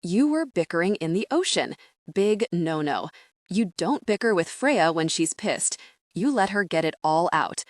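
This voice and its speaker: A blunt, bossy younger brother handing out advice, read by a woman in her own lowish voice. The lines are lectured plainly in a dry audiobook recording. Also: sing-song, measured pace, dry recording. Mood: lecturing.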